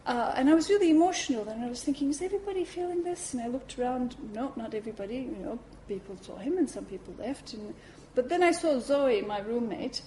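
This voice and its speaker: A woman giving a talk at a Buddhist centre, telling a personal story in a lively way, acting out her reactions and saying "you know" often. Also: a little high, fairly quick, slight background noise, low-quality recording.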